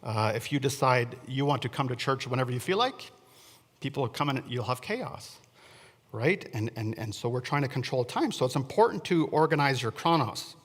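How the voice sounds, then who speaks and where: A man's voice: mid-range voice, animated, normal speed. Chatty male preacher in a reverberant church. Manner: chatty, asks the congregation questions, self-deprecating asides. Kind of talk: conversational sermon. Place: church sanctuary.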